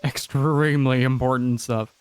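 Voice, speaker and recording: A man's voice: mid-range voice, steady tone, normal speed, clean tone, no room sound, natural voice. A man voicing a friendly, chatty male villager in a put-on Southern American accent, reading game dialogue aloud with a homey drawl. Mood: chummy. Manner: drawling, homey, calls listener buddy.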